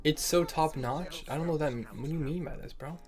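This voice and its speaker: A man's voice: fairly high pitch, quick pace, a little mellow, soft background music. A young man streaming and chatting casually with viewers, joking and laughing often and calling people bro and man. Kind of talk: casual livestream chat.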